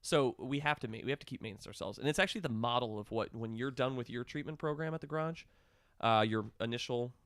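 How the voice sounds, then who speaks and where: A man in his thirties telling a story in casual chat, animated and acting out the people he quotes. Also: mid-range voice, fast talker, no echo. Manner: animated, acts out quoted dialogue. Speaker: guest, clinic staff member.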